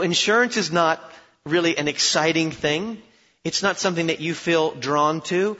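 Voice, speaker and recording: A man's voice: a little high, pushed and bright, long reverb tail, muffled recording. A male pastor preaching a conversational, humorous sermon in a church, asking his listeners questions and often repeating words as he restarts.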